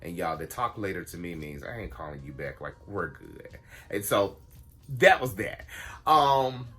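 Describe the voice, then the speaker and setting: A man telling a story to his viewers in a casual vlog, blunt and animated, swearing freely and calling his audience y'all. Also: deep voice, normal speed, slightly rough. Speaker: vlogger.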